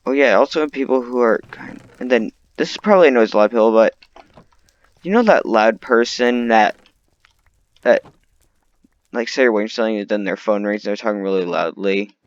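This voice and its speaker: A man's voice: lowish voice, fairly quick, long pauses, no echo, muffled recording. A man delivering an unscripted, rambling rant full of complaints, often restarting his sentences. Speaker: vlogger.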